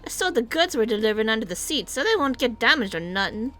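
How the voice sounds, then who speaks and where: A woman's voice: fairly high pitch, sing-song, quick pace, sharp tone, voice pushed up. A woman voicing a boisterous male cart-driving gang member in a game read-along, with folksy, drawling tough-guy talk. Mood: cheerful. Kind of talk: reading game dialogue aloud.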